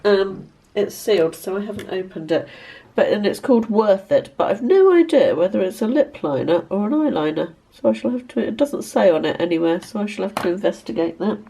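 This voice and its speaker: A woman in her fifties, hoarse and congested with a cold, chatting casually to camera as a lifestyle vlogger in her bedroom. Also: medium pitch, expressive, a little fast, dark tone. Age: 50s. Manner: chatty, self-deprecating, rambling. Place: bedroom at home.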